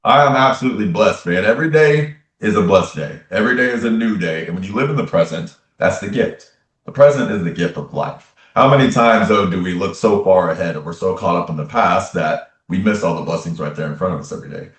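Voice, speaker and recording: A man's voice: low voice, expressive, brisk, roomy sound, recorded from a distance. A man being interviewed as a spiritual medium, telling his personal story in an earnest way and repeating phrases for emphasis. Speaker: interview guest, tarot reader and medium.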